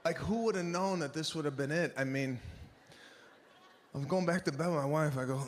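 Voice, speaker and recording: High-voiced, exasperated male stand-up comic. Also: moderate pace, slight background noise. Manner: animated, exasperated storytelling, often shouting punchlines. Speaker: stand-up comedian. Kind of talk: stand-up comedy set. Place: comedy stage before a live audience.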